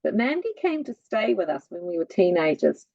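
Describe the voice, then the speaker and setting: A woman chats as a podcast guest, spinning lively stories with a sing-song, musical cadence. The recording is dry and a little muffled. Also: on the low side, brisk, creaky, no room sound. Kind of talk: casual chat.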